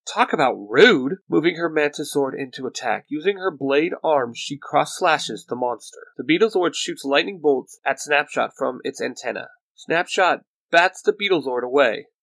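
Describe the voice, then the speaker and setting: A man's voice: on the high side, normal speed, gravelly, hardly any pauses, fairly bright tone, no room sound, poor audio. A man reading the narration of a fan-made superhero audio drama. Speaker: storyteller.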